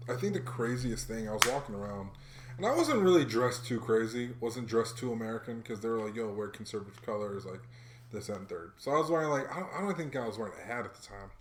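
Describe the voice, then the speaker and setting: A man's voice: on the low side, reverberant, a little hiss or hum. A young man co-hosting a podcast, telling stories in casual slangy talk and acting out what people said. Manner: animated storyteller, slangy, acts out quotes. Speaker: podcast co-host. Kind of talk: casual chat, storytelling.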